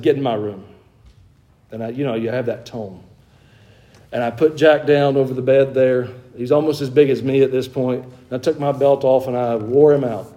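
A man's voice: medium pitch, darkish tone. A middle-aged man preaching a sermon as pastor, talking conversationally, with self-deprecating humor and emphatic exhortations.

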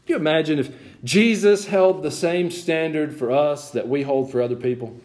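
A man delivers a sermon at normal speed, his voice squeaking and creaking from sinus trouble. He shifts from relaxed, folksy storytelling into loud, high, emphatic preaching.

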